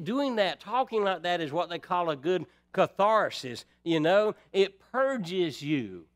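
High-voiced preacher, folksy. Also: male voice. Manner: folksy, asks the congregation rhetorical questions. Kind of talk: sermon.

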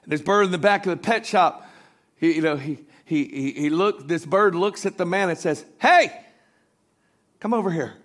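A man preaching a sermon, telling a story and building to loud, emphatic peaks. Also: fairly high pitch, moderate pace.

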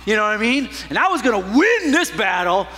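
A man preaching a sermon as a pastor, telling a personal story with animated swings from loud to hushed. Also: high-pitched, a little fast, big-room sound.

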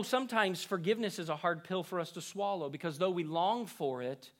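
Earnest high-voiced man preaching slowly. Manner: earnest preaching, rising to emphatic peaks and dropping to hushed lines. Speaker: pastor. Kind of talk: sermon.

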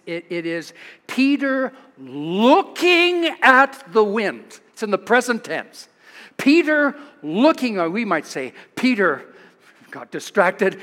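A man with an American accent preaching a sermon, an animated, chuckling storyteller who rises for the dramatic moments. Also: high-pitched. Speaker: pastor. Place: church sanctuary. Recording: livestream in a reverberant church.

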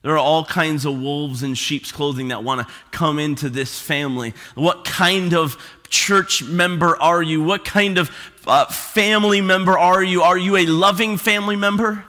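A man preaching a sermon as pastor, stressing and repeating key phrases slowly for emphasis. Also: fairly high pitch, steady tone, sharp tone. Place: church sanctuary. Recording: long hall reverb.

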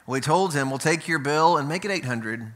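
Bright, conversational male preacher. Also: a little high, animated. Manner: conversational preaching with frequent "right?" check-ins; slow, deliberate scripture reading. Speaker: pastor. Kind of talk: sermon.

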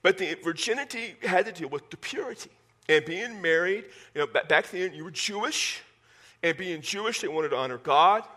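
A man in his fifties preaches a sermon in a folksy, joking manner, stumbling into repeated words as he restarts his thoughts. His voice sits a little high and rings bright and forceful. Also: expressive, moderate pace. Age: 50s. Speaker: pastor.

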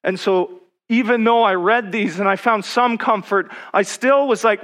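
A man preaching a sermon, reading scripture slowly and then pressing personal questions with rising intensity. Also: sits high, a bit bright.

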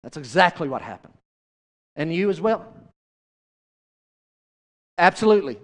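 A man's voice: high voice, lively intonation, moderate pace, pauses often, big-room sound. A male pastor preaching a sermon, chatty and direct, often turning to the congregation with questions.

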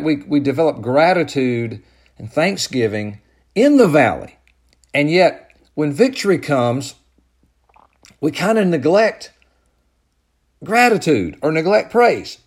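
Male pastor, higher-pitched, slow and deliberate, surging to loud peaks then dropping soft. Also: slightly rough. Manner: builds to loud emphatic peaks, then drops low and soft. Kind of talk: sermon.

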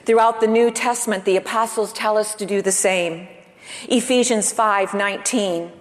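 A woman's voice: medium pitch, fairly even intonation, normal speed, big-room sound. A woman pastor preaching a sermon with earnest emphasis, asking the congregation rhetorical questions. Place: church.

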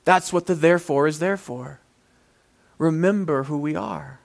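High-voiced man preaching a sermon. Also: a little slow, creaky. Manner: earnest preaching, voice swelling and dropping for emphasis. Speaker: pastor.

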